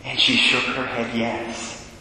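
A Catholic priest preaching a sermon, telling a story with earnest feeling and dropping to a hush for the quiet moments. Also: male voice, medium pitch, flat delivery, slow pace, background noise. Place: church. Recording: echoey church hall.

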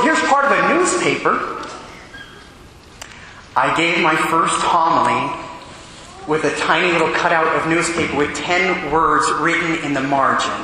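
Animated priest preaching in an echoey church. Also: male voice, on the high side, a little hiss or hum. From California. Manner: animated storytelling, acts out quoted voices. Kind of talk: sermon with personal story. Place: large church with long echo. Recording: echoey hall.

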